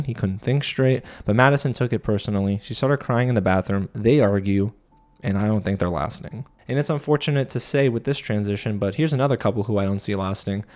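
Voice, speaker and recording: Animated man doing a casual show recap. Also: fairly low pitch. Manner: animated, acting out the cast's lines in other voices. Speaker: TV recap host. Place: studio set.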